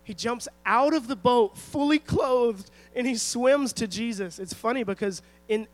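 A man's voice: very high voice, unhurried, low-quality recording. A man preaching a sermon, emphatic and storytelling, who often asks the congregation rhetorical questions. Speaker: pastor.

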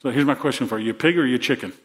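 A man's voice: medium pitch, rapid-fire. A male pastor preaching a sermon to his congregation in earnest, repeating words as he builds to rousing emphasis.

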